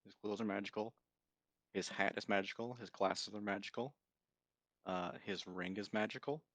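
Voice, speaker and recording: Low-voiced man listing items methodically. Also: steady tone, normal speed, fairly bright tone, no echo. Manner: methodical, self-correcting. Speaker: player. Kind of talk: casual tabletop chat.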